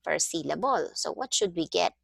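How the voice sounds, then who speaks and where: A woman's voice: lowish voice, expressive, moderate pace, vocal fry, husky, dry recording, clean studio sound. A woman teaching a one-on-one language lesson over a video call, explaining patiently step by step. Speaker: language tutor.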